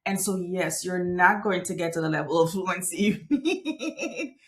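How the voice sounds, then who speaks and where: A woman from Haiti whose first language is French speaks as a guest in an interview. Her voice sits somewhat low. She talks emphatically and affirms her host often. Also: animated, measured pace. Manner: agreeable, emphatic, frequent affirmations. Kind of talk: conversational interview.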